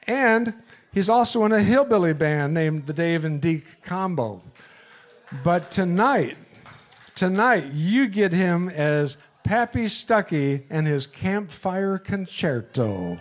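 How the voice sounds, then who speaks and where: A man's voice: fairly high pitch, lively intonation. Upbeat male host introducing an act. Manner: upbeat announcer, quick delivery. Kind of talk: stage introduction. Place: small live music venue.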